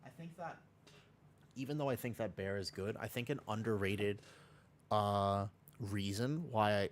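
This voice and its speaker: A man's voice: on the low side, measured pace. Male game streamer, slightly sick with a sore throat, rambling casual chat. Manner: rambling, self-correcting, chatty. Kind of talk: casual livestream chat while gaming.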